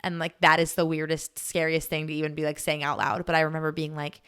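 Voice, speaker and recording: A young woman hosting a podcast, telling a personal story in a chatty, animated way with frequent laughs. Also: sits low, quick pace, hardly any pauses, smooth. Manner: chatty, animated, laughs often, many "like" fillers. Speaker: podcast host. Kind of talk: casual storytelling chat.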